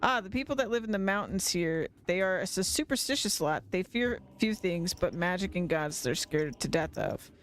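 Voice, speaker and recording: A streamer voicing a man in a bear suit who poses as a grandiose mountain god, speaking in slow, menacing pronouncements. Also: mid-range voice, lively intonation, a bit bright, slight background noise. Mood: confiding. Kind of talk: reading game dialogue aloud on a livestream.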